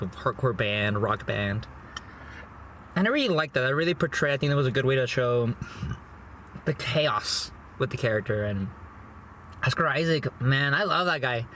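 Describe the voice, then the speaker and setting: A man's voice: mid-range voice, a bit bright, slight background noise. A young man chatting casually in his parked car, eating and reviewing a movie. He rambles, repeats words and says "you know" and "bro" a lot. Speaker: food vlogger and movie reviewer. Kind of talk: casual chat while eating.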